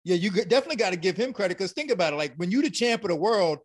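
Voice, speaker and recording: A man with a high voice breaking down a fight in emphatic, analytical casual talk. He speaks in a relaxed way, building his points one by one. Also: very fast, breathy edge. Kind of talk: casual chat.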